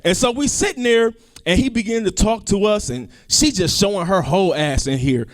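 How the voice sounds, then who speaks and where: A male comedian doing a stand-up set, animated, swinging between loud outbursts and low asides. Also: normal speed.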